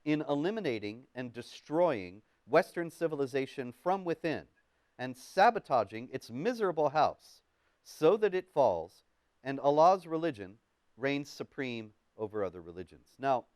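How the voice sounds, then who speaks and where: A male talk show host who interviews his guest and reads quotations in a measured way. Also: mid-range voice, very animated, darkish tone, dry recording.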